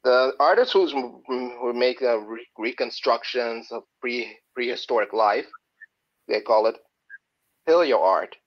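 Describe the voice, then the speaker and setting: Halting man chatting, lo-fi sound. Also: mid-range voice. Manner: halting, many restarts and fillers, laughs at own jokes. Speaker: guest. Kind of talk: casual chat. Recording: dull lo-fi sound.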